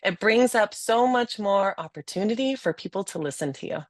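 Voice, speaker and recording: Animated woman giving a webinar talk. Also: medium pitch, brisk, no echo. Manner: animated, demonstrates speech patterns, laughs often. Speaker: communication trainer. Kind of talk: webinar conversation with demonstrations.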